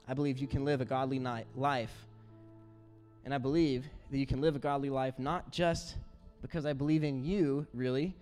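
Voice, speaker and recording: A man preaching a sermon as pastor, telling stories in an earnest, animated way. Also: medium pitch. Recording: roomy hall with faint music.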